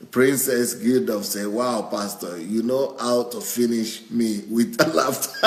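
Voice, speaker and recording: A man, a pastor, reading out viewer comments and chuckling often as he goes. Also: mid-range voice. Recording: roomy echo.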